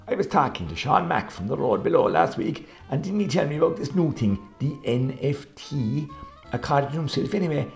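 Man playing a gravelly countryman. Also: a little high, a little mellow. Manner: chatty, rambling yarn. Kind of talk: comic radio sketch. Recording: dull lo-fi recording.

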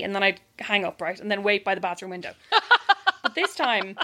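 A woman with an Irish accent, co-hosting a podcast and telling neighbour stories in a lively, chatty way, slipping into voices for the people she describes. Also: mid-range voice. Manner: rapid, animated anecdotes with voiced impressions and laughter. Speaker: podcast co-host. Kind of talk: casual storytelling chat.

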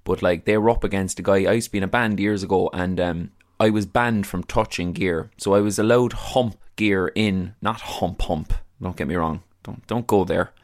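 A man's voice: deep voice, normal speed, few pauses. A man with an Irish accent, hosting a podcast in a chatty, self-deprecating way and swearing freely. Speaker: podcast host. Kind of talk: casual podcast intro and interview.

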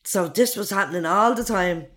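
A woman's voice: mid-range voice, moderate pace, a bit bright. A woman in her forties with an Irish accent, bluntly telling her own life story in an interview and swearing freely. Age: 40s. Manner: blunt, swears freely, acts out others' lines.

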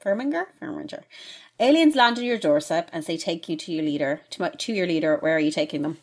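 A woman's voice: low-pitched, fast. A woman hosting a casual chat, reading out listener questions, chatty and laughing often, swearing freely.

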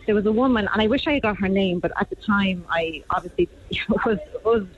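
A woman's voice: mid-range voice, a little hiss or hum. Woman caller on a dull phone line. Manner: halting, heartfelt. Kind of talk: phone-in personal story.

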